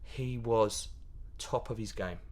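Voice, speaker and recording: A man, a pantomime comedian chatting as a guest in a casual interview, animated and laughing, often restarting his sentences. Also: fairly low pitch, slow. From Yorkshire, England.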